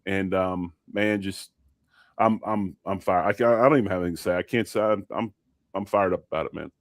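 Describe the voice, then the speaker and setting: A man's voice: deep voice, steady tone, a little fast, no echo, clean studio sound. A man co-hosting a casual sports podcast, heartfelt and rambling, often repeating himself. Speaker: podcast co-host.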